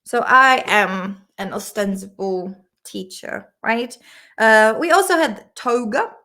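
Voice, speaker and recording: A woman's voice: medium pitch, expressive, slow, sharp tone. A woman tutor chatting through a vocabulary review, giggly and casual, with lots of fillers and the odd swear word. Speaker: English vocabulary tutor, channel host.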